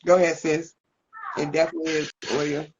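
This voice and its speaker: A woman's voice: low voice, little pitch movement, brisk, muffled recording, a little hiss or hum. A woman hosting a podcast, chatting casually and pressing her point by repeating it. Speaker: podcast host.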